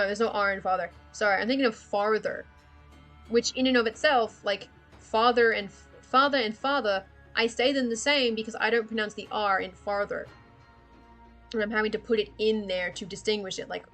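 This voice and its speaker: A woman's voice: mid-range voice, fairly bright tone. A woman hosting a casual live stream while she draws. She rambles from one tangent to the next, swears freely and laughs often.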